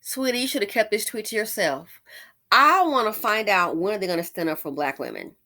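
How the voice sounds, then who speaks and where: Bright, sassy woman giving commentary. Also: mid-range voice, lively intonation, a little fast. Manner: sassy, exasperated, mocking impressions. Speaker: commentary vlogger. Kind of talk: opinion commentary.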